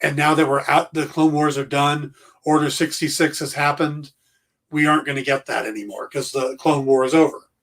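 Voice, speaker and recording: A man co-hosting a podcast, chatting casually in a relaxed, slightly hesitant way. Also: a little high, normal speed. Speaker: podcast co-host. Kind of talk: casual chat.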